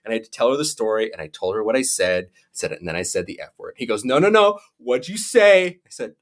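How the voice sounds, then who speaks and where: A young man co-hosting a podcast, telling a personal story in a lively, animated way. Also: fairly low pitch, very fast. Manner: animated storyteller, acts out quotes. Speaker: podcast co-host. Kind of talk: casual chat, storytelling.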